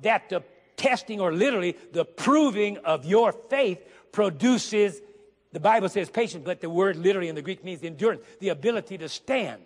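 A man preaching a sermon to a congregation, emphatic, repeating key phrases and slowly reading scripture aloud while asking the listeners questions. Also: high voice, lively intonation. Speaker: guest preacher. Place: church sanctuary. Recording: long hall reverb.

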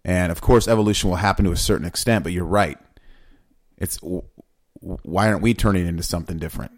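Man, low voice, dry close sound, excitable rambling podcast co-host. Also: quick pace, dry recording. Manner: animated, rambling, many restarts. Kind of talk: casual faith discussion.

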